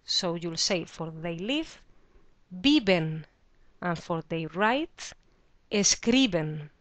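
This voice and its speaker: A woman's voice: on the low side, animated, dry recording. Woman teaching beginner Spanish, dry close sound. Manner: clear, slow model pronunciation of example words. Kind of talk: scripted language lesson.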